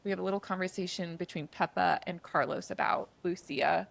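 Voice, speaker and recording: A woman's voice: fairly low pitch, a little fast, creaky. A woman co-hosting a podcast, casually retelling a movie's plot in a chatty way, with lots of "like" and "um" fillers. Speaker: podcast co-host.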